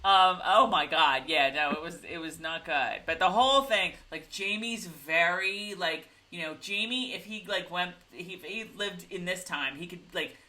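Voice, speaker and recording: A woman co-hosting a casual TV recap, animated and giggly, often acting out scenes in little voices. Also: fairly low pitch, normal speed, hardly any pauses. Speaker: podcast co-host recapping a TV episode. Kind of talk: casual chat.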